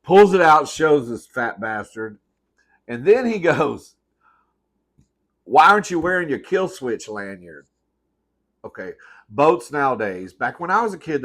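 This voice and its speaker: A man's voice: medium pitch, fairly bright tone. A man in his thirties hosting a comedy eating show at home, telling rambling, sassy stories full of swearing and calling listeners "girl". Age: 30s. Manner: rambling, self-correcting. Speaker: host. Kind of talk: comedic storytelling while eating.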